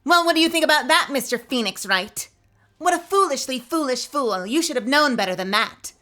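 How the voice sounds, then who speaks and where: A woman's voice: sits high, lively intonation, a little fast, pushed and bright, voice pushed up. A woman voicing a haughty young female prosecutor who mocks and talks down to her rival. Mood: scornful. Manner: mocking, condescending.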